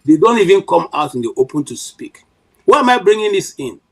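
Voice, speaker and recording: Impassioned Nigerian man, high and lively. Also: fairly quick, creaky, low-quality recording. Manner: emphatic, many restarts and "you know" fillers. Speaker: panel commentator. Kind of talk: impassioned political commentary.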